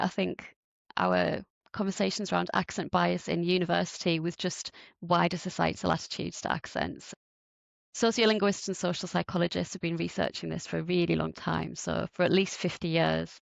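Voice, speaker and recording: Gravelly-voiced woman explaining research. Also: fairly low pitch, moderate pace, dry recording. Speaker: researcher guest.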